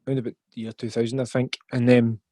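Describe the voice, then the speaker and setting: A man's voice: mid-range voice, flat delivery, fast talker, warm tone, dry recording. A Scottish man in his forties, a rapper guest on a podcast, talking reflectively and thinking aloud with plenty of fillers. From Scotland. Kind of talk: podcast interview.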